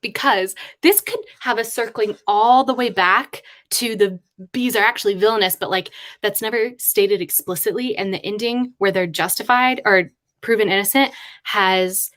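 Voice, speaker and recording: A woman writer chatting casually on a live stream, thinking aloud in a rambling way with quick asides. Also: mid-range voice, a bit bright. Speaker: writer livestreaming with chat.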